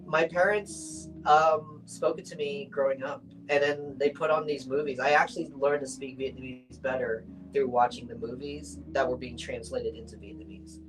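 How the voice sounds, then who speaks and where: A young man talks casually as an interview guest, his voice sitting at an ordinary middle pitch. He rambles loosely and leans on "like" and "you know". His talk is easygoing and unpolished. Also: fairly even intonation, moderate pace, hardly any pauses, rough recording. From United States. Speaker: artist guest.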